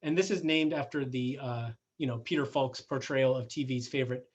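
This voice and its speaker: A man's voice: mid-range voice, fairly quick, muffled recording. A middle-aged man giving a conference talk in a conversational way, with fillers and self-corrections. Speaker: conference speaker. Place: conference hall.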